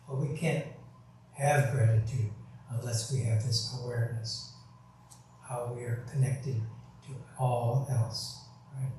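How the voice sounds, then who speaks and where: A man gives a calm sermon in a very deep, mellow tone. The sound is strongly echoey and picked up from a distance, as in a large temple hall. He speaks unhurriedly, with pauses and quick "right?" check-ins. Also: a little hiss or hum. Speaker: Buddhist minister. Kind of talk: sermon with storytelling. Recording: very echoey hall, mic far off.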